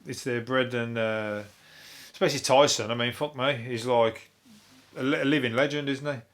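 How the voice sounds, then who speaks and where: A rambling comic from rattles through the day's odd news on his own podcast. He swears freely, trips over his words and chuckles at his own jokes, and his voice sits at an everyday middle pitch. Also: fairly even intonation, normal speed, a bit bright. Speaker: podcast host. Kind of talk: comedic news review.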